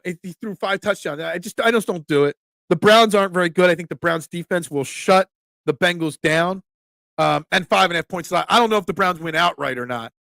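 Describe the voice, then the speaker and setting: A middle-aged man with a thick Delco accent from the Philadelphia area, hosting a casual live chat in a blunt, rambling way. His voice sits a little high and carries a gravelly edge. The sound is dry and close, with no room around it. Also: a bit bright, dry recording. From Delaware County, Pennsylvania. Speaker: host, pizza shop owner.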